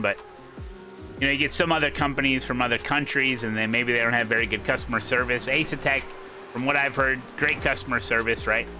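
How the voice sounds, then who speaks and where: A man's voice: medium pitch, sharp tone. A man hosting a sim racing livestream, talking casually and rambling, breaking off and circling back to his point. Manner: rambling, self-interrupting, repeats his points. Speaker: sim racing streamer host.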